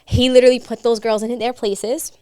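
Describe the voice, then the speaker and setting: A woman co-hosting a podcast, telling a story in a casual, animated way with lots of filler words. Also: on the high side, a little fast, clean tone, no echo, studio quality. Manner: animated, chatty, many fillers. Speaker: podcast co-host.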